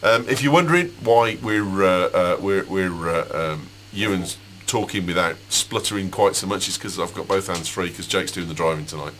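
A man hosts a loose tech chat, his low voice joking and halting over fillers. A faint hum sits under the recording. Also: a bit bright. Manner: joking, hesitant with many fillers. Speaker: podcast host.

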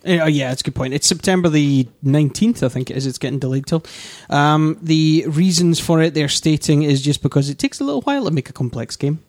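Podcast host, man, Yorkshire accent, slightly high voice, loose and chatty with plenty of fillers. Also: a little fast, hardly any pauses, darkish tone. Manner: laughs often, reads news quotes with fillers. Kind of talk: casual gaming podcast chat.

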